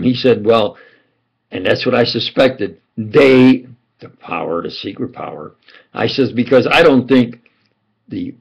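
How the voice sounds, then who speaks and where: Gravelly, husky older man rambling. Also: muffled recording. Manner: digressive, quotes others in dialogue, drops to low mutters. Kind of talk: rambling conspiracy monologue.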